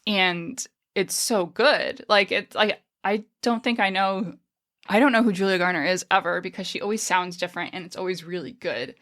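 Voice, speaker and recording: A woman's voice: lowish voice, normal speed, a bit bright. A woman co-hosting a podcast in casual chat, chatty, laughing often and swearing freely. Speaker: podcast co-host.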